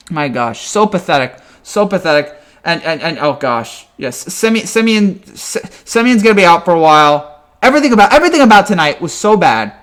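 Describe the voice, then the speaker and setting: A man's voice: high-pitched, very animated, moderate pace, a bit bright. A man in a fan reaction rant, exasperated and ranting with frequent stammered restarts. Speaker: sports fan commentator.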